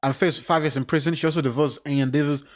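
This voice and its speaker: A man's voice: on the high side, fast. Swearing man in blunt reaction commentary. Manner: blunt, swears often, animated side remarks. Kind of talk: casual reaction commentary reading a crime case aloud.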